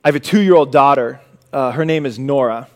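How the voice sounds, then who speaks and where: A young adult man preaching a sermon, swinging from loud, emphatic lines to hushed, low passages. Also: a little fast. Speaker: pastor.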